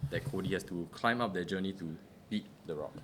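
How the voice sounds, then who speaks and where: A man's voice: low voice, fairly quick, slight background noise. A man talking as a podcast guest, musing aloud and ending thoughts with a rhetorical "right?". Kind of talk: casual podcast chat.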